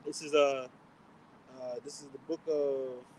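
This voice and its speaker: A man's voice: medium pitch, little pitch movement, unhurried, a little mellow, a little hiss or hum, poor audio. A man leading an informal outdoor Bible study as preacher, who ends nearly every phrase with "man" or "okay?" and asks questions he then answers himself.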